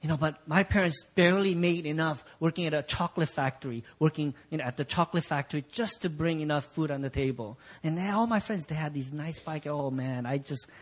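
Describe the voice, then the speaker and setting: A man's voice: fairly high pitch, brisk, few pauses. A Korean-born male pastor preaching a sermon, telling a childhood story and acting out its scenes with big swings in voice. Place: church sanctuary.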